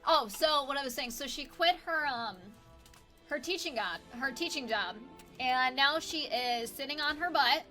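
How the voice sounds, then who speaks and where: A woman co-hosting a live stream with her husband, chatty and quick to laugh. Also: high voice, bright, forceful tone, faint music behind. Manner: chatty, emotional, laughs a lot. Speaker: streamer's wife and co-host. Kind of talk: casual live-stream chat.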